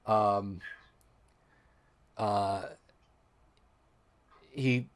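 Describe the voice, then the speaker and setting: A man's voice: on the low side, steady tone, extremely slow. A man running a tabletop game as game master, describing the scene with frequent restarts.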